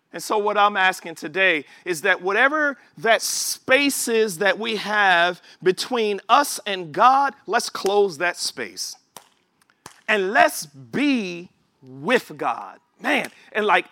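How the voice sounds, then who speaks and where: A man preaching a sermon, conversational at times and rising to impassioned shouts. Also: very high voice, no echo, clean studio sound.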